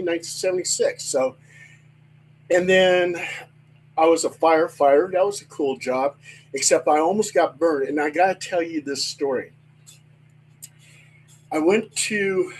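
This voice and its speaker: Older man, lively storyteller, slightly high. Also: a little hiss or hum, low-quality recording. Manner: animated storyteller, swears freely, acts out voices. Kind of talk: casual storytelling chat.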